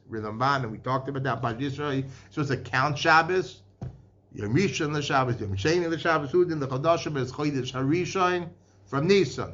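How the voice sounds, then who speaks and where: Halting man teaching a Torah lecture. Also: medium pitch. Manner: halting, with restarts and repeated words; mixes many Hebrew and Aramaic terms into English. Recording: dull lo-fi podcast recording.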